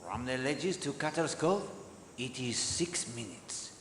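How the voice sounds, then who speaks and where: Hercule Poirot, a formal detective. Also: male voice, mid-range voice, expressive, unhurried, fairly bright tone, big-room sound, a little hiss or hum. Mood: courteous. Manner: formal, courteous. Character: fastidious, polite adult male detective. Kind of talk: video game voice acting.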